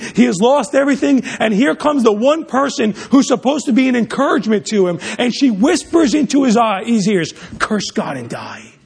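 A man's voice: very high voice, gravelly, a little mellow, husky. A man preaching a sermon, emphatic, often restarting and repeating words mid-sentence.

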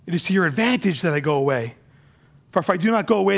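Male pastor, high gravelly voice, casual teaching sermon. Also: lively intonation, brisk. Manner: conversational preaching with repeated restarts.

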